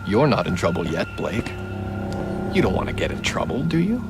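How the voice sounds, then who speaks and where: An actor playing a soft-spoken, controlling male priest in a video game, coaxing and quietly menacing. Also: lowish voice, huge pitch swings, normal speed, vocal fry, over loud music, full character voice. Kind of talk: video game cutscene acting.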